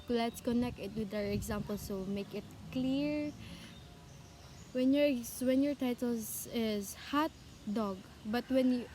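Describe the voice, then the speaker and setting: A woman's voice: sits high, a little mellow, a little hiss or hum. A young adult woman teacher with a Cebuano accent, giving an online class lecture and often repeating herself and quizzing the class. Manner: repetitive, self-correcting, asks the class questions.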